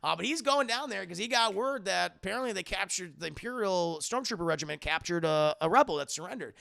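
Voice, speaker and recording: A man streaming a casual, profane film breakdown to his live chat, excitable and quick to laugh. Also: sits high, vocal fry.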